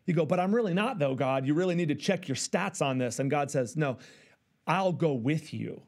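A middle-aged male pastor preaching, acting out voices in an animated way. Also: fairly high pitch, fast. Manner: animated, acts out dialogue with God. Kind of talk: sermon.

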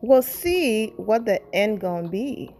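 Brief: female gossip host, mid-pitched, animated comment-reading with quick reactions. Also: soft background music. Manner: animated, reads comments aloud with quick asides.

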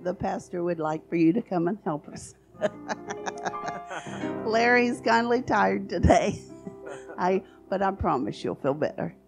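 A woman's voice: on the low side, moderate pace, gravelly. A woman leading worship at a church service, speaking between songs with light, joking banter. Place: church sanctuary. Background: guitar music.

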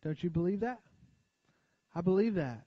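An American pastor delivers a sermon in a church sanctuary, his slightly high voice muffled on a dull, lo-fi recording that is close and dry with no room sound. He preaches in an expressive, chatty way at normal speed, often calling for amens in call-and-response asides and dropping low and quiet on the lines he wants to stress.

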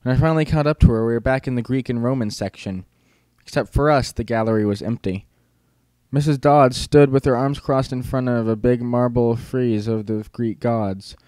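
A man's voice: medium pitch, normal speed, dark tone, smooth, no room sound. A man narrating an audiobook in the first person, with a casual, wry, teenage-boy storytelling manner.

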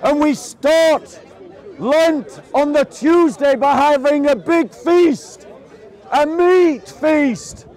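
High-pitched guy preaching outside, slow and emphatic, crowd murmur behind. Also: a little mellow. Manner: slow, emphatic, often raising his voice. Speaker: street preacher. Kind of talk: open-air preaching. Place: outdoor public park speaking spot.

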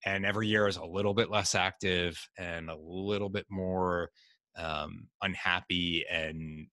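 Deep-voiced man, bright and dry. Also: a little slow, no room sound. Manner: earnest, reflective, quotes others in lively asides. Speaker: podcast guest, life coach. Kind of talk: candid conversational storytelling.

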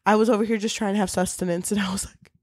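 A woman's voice: medium pitch, rapid-fire, dry recording, studio quality. A woman co-hosting a casual book-review chat, retelling the story with a lot of swearing and laughter. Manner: profane, animated retelling with laughs. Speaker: podcast co-host.

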